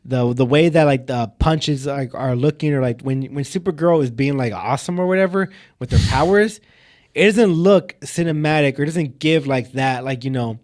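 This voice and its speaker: A man's voice: mid-range voice, normal speed, few pauses, darkish tone. A young man co-hosting a podcast, reviewing a film in casual chat, rambling with lots of filler words and getting heated. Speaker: podcast co-host.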